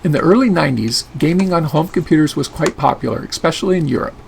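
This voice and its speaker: A man's voice: fairly high pitch, lively intonation, quick pace, gravelly, a little hiss or hum. A man narrating a scripted video essay as host of his channel.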